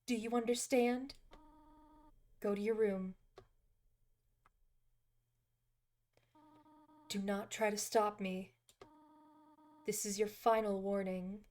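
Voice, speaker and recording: A woman reading aloud the lines of a gentle, motherly female goat monster from a video game, in a soft, measured, solemn way. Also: mid-range voice, lightly acted. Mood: stern.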